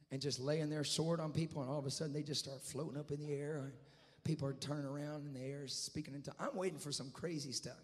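A man preaching a sermon as a traveling evangelist, telling a story quietly and then rising to loud shouted climaxes. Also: fairly high pitch, big-room sound. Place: church sanctuary.

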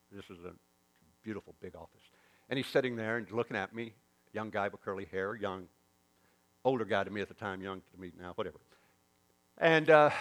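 A man with a Southern US accent, a preacher telling a story in a sermon and acting out the dialogue. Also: fairly low pitch. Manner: animated storyteller, acts out quoted dialogue.

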